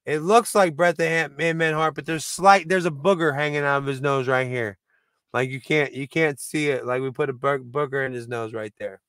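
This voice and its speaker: Rambling, excitable male co-host. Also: on the high side, normal speed, clean tone, no echo. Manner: rambling, excitable, full of restarts and "like". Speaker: podcast co-host. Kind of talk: casual chat.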